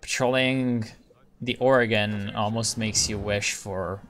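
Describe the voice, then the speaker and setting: A man's voice: fairly low pitch, fairly even intonation, unhurried, fairly bright tone, faint music behind. A man giving casual, rambling commentary on his strategy gameplay, thinking aloud and restarting sentences. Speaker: gaming video creator.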